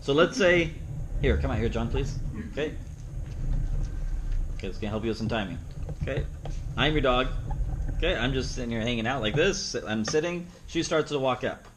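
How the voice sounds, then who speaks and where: Guy teaching dog training out on a field, mid-pitched voice, chatty, slips into the dog's voice for a line. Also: lively intonation, normal speed, long pauses, background noise. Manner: plain-spoken, acts out the dog's thoughts in playful asides. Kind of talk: seminar teaching with live demonstration.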